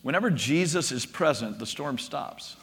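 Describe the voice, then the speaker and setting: A man preaching a sermon to a congregation, telling the stories in an animated way and often restarting with repeated words. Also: mid-range voice, normal speed. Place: room with a gathered congregation. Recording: long reverb of a large hall.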